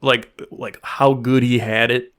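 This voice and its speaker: Man, podcast co-host, very slow delivery, dry and deliberate. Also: medium pitch, flat delivery, a bit bright, smooth. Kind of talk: casual chat.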